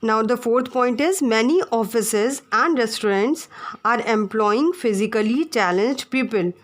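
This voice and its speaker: Slow woman teacher spelling words. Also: a little high. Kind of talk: classroom lesson for children.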